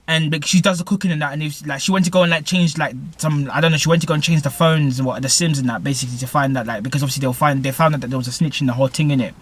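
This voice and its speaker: A man's voice: fairly high pitch, fairly even intonation, racing, few pauses, fairly bright tone. A man rambling through a film's plot in heavy slang, full of fillers. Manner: rambling, heavy slang, repeats "basically" and "innit". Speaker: movie reviewer. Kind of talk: casual film plot recap.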